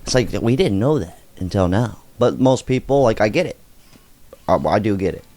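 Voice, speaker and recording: A middle-aged man hosting a casual reaction video, talking in an animated, blunt way and swearing freely. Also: lowish voice, normal speed. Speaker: commentary video host.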